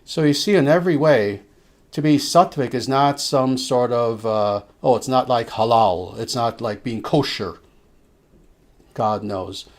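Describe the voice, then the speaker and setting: Man, spiritual teacher, mid-range voice, slow and emphatic, answering questions with soft fillers. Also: mid-range voice.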